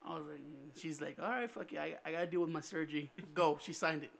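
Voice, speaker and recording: A man telling a childhood story on a casual podcast, animated and profane, acting out the people he quotes. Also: on the high side, fast, gravelly. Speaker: podcast co-host.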